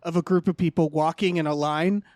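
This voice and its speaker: A man's voice: fairly high pitch, fairly even intonation, fairly quick, a little mellow, no echo. A man co-hosting a casual movie podcast, joking and swearing freely. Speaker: podcast co-host.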